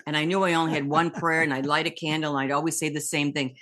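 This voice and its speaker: A woman's voice: deep voice, fast. An older woman, a comedian and impressionist, telling stories animatedly as an interview guest. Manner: lively, animated storyteller who slips into voices. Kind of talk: casual storytelling in an interview.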